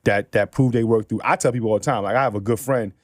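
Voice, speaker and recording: A middle-aged man from New City, telling animated stories in casual chat and acting out other people's lines with lots of laughter. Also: lowish voice, fast, dry recording, clean studio sound. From New York City. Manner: animated storyteller acting out quotes, laughs often. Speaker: podcast guest.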